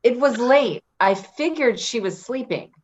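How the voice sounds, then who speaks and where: Woman playing a sarcastic, indignant caregiver, high lively voice, dull muffled recording. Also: unhurried, slight background noise. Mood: defensive. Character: Patti, a blunt, defensive live-in caregiver woman. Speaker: actor in a staged reading. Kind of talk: readers theater play reading.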